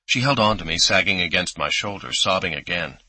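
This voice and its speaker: A man's voice: sits low, lively intonation, a little fast, bright, forceful tone, dry recording, low-quality recording. A man narrating an audiobook in an intimate first-person storytelling manner, close on a studio mic. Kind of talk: scripted narration.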